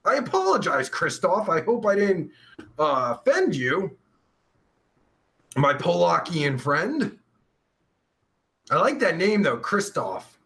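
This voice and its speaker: A man's voice: sits high, creaky, fairly bright tone. A man hosting a live stream, chatting casually with a crude, blunt, profane manner. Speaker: live-stream host reading viewer questions. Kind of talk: casual chat.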